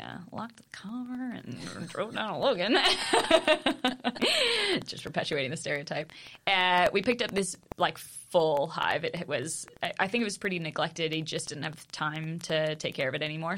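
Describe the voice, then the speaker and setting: A woman's voice: deep voice, a bit bright. A woman in her thirties, co-hosting a podcast and telling stories in casual chat, laughing often. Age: 30s. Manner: chatty storyteller, laughs often. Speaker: podcast co-host.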